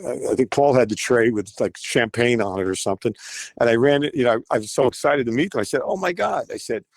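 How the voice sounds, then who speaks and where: A man's voice: mid-range voice, fast, no room sound. Older man telling stories animatedly. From United States. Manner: animated, acts out quoted voices. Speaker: guest musician. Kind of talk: storytelling interview.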